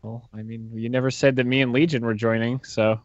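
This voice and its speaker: A man's voice: medium pitch, flat delivery, a little fast, no room sound, lo-fi sound. A man joking around in a casual gaming chat over a voice call.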